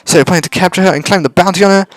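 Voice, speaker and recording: A man voicing alarmed young schoolgirls in a raised falsetto. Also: very fast, no room sound, lightly acted. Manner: high falsetto, urgent.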